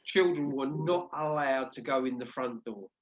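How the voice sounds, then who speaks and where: A man's voice: mid-range voice, moderate pace. A man hosting a casual discussion show, talking conversationally with frequent restarts. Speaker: host. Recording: dull lo-fi audio.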